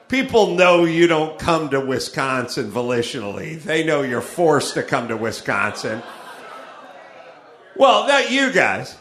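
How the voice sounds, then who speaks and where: Animated swearing male comedy host. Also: on the high side, measured pace. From Los Angeles. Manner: animated, swearing, acting out quoted people. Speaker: podcast host. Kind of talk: comedic riffing monologue. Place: comedy club stage. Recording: roomy live club sound.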